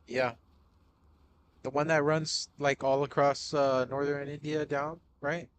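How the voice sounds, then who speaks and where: A young man giving excitable live gameplay commentary, swearing often, calling everyone bro and dude, and panicking in repeated shouts. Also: fairly high pitch, a little slow, a little hiss or hum. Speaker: gaming streamer.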